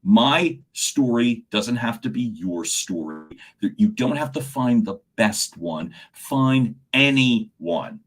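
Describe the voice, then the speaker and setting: A man coaching on a livestream, talking animatedly and answering viewers' comments by name, often repeating words as he gets excited. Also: medium pitch, slow, hardly any pauses. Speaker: communication coach.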